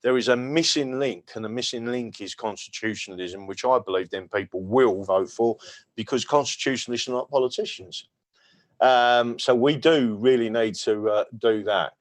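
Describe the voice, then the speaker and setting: A man's voice: fairly low pitch, normal speed, no room sound. English male livestream host, rambling joker, stumbles over words, casual chat. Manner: rambling and jokey, stammering with many fillers.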